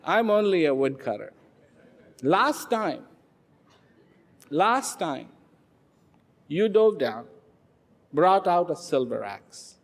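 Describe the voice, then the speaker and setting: A man's voice: on the high side, big pitch swings, slow pace, long pauses, some chatter behind, heavily acted. A man voicing a humble, honest woodcutter who explains himself in a plain, pleading way, in a hall with a long echo. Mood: explaining. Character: humble honest male woodcutter, simple and earnest.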